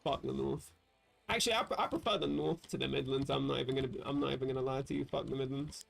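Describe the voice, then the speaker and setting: Gravelly, profane man on stream. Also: medium pitch, quick pace, faint music behind. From southern England. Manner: profane, chatty, reads chat aloud. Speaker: livestream host. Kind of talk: casual chat with chat readers.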